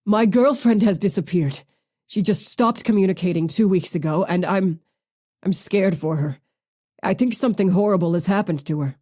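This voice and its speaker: Woman reads worried man, halting delivery, storybook caller. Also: mid-range voice, warm tone, lightly acted. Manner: anxious, halting. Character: worried adult man on a phone call.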